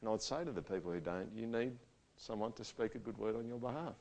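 Pastor, conversational and emphatic. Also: male voice, fairly low pitch, quick pace. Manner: conversational, swings from loud emphatic to quiet and intimate. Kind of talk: sermon. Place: church gathering.

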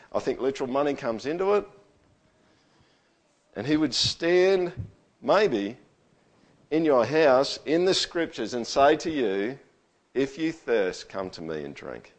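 A man preaching a sermon to his church. He swings from near-whispers to loud, booming scripture quotes and often asks the room to answer back. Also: sing-song, normal speed, pauses often. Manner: asks the congregation for agreement. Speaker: pastor. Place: church hall with live sound. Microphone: stage microphone through a sound system.

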